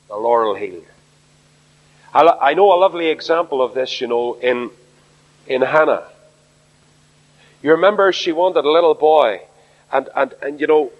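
A man preaching an earnest sermon at a Bible study, asking rhetorical questions. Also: a little high. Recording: echoey hall, dull lo-fi sound.

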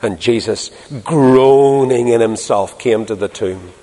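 A man preaching a sermon. His mid-pitched voice is expressive, rising to loud emphasis and then dropping to hushed tenderness. It carries the long reverb of a large hall. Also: takes it slowly.

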